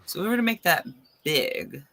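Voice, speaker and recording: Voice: mid-range voice, normal speed. A player chatting casually and joking during a tabletop game. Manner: joking, lively.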